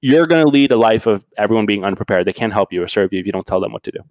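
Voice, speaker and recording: A man's voice: lowish voice, lively intonation, rapid-fire, darkish tone, dry recording. A man, a company founder, talking casually as a podcast guest, telling blunt, profane stories with frequent restarts.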